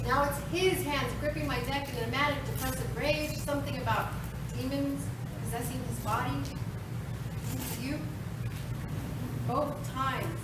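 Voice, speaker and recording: A woman performing spoken word poetry, moving between slow measured lines and rhythmic, chanted, shouted passages. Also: high voice, heavy background noise. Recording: echoey hall from far off with loud ambience.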